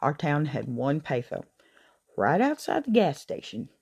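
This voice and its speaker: A middle-aged woman spins folksy comic tales, drawling and wry. Her voice sits low and mellow, and she takes her time with every line. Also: sing-song, a little slow, creaky, husky. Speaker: comedic storyteller. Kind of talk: comic storytelling monologue.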